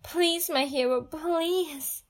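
High voice, unhurried, woman voicing a breathy pleading princess, intimate audio role-play.

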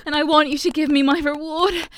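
A woman's voice: high voice, steady tone, slow, a little mellow, a little hiss or hum. A woman voicing a devoted, possessive non-human young woman lover in an adult audio role-play, breathless and pleading. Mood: passionate, pleading.

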